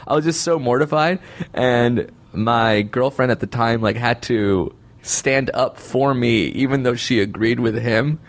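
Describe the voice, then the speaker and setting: A man's voice: medium pitch, measured pace. A young man in casual chat, rambling and self-deprecating, laughing often as he talks.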